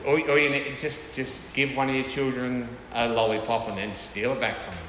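A man's voice: mid-range voice, flat delivery, fairly quick, a bit bright, a little hiss or hum. A man preaching a sermon in a conversational way, often checking in with his listeners. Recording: echoey hall with faint ambience.

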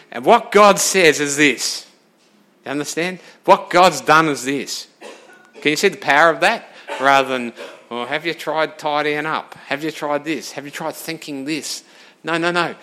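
A man preaching a sermon, lively and direct, asking the congregation questions and moving between loud emphasis and quiet asides. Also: mid-range voice. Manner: animated, talks straight to the congregation with questions.

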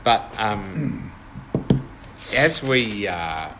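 A man's voice: lowish voice, lively intonation, drawn-out words, heavy background noise. A man leading an informal Bible study with a small group, thoughtful and hesitant, with many fillers and restarts.

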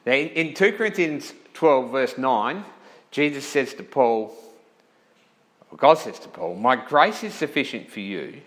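Male pastor, mid-pitched, preaching casually, keeps asking if listeners follow and self-corrects on the fly. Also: lively intonation, measured pace, a bit bright, low-quality recording. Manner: checks in with listeners often; self-correcting, thinking aloud. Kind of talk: conversational sermon.

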